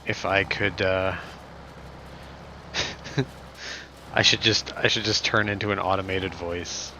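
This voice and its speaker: A man's voice: deep voice, steady tone, slow pace, pushed and bright, slight background noise. A man streaming and chatting casually with viewers, rambling and joking, with lots of "I mean" and "you know". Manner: rambling and joking, heavy fillers.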